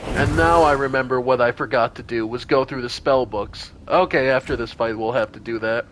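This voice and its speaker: A fairly quick, mid-range male voice comes through with background noise. In this casual commentary on a strategy role-playing game he's streaming, he talks through the party's turns aloud and lets out animated exclamations.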